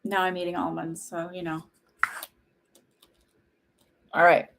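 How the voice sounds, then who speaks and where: A woman's voice: lowish voice, little pitch movement, a little fast, vocal fry, background noise. Chatty woman hosting live psychic readings. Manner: chatty, warm, with frequent "like" fillers and laughs. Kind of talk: casual livestream chat.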